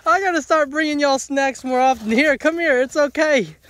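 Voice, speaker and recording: A man's voice: extremely high pitch, normal speed, a bit bright, dry recording. A man, vlogging on a farm and chatting playfully to his animals outdoors. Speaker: homestead vlogger. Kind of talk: casual vlog, talking to farm animals.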